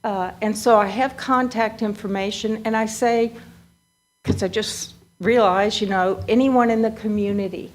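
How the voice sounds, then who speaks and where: A woman's voice: medium pitch, steady tone, moderate pace, slight background noise. Chatty woman addressing a county court. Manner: chatty, self-interrupting. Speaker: presenter before the court. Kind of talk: public meeting remarks. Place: county meeting room.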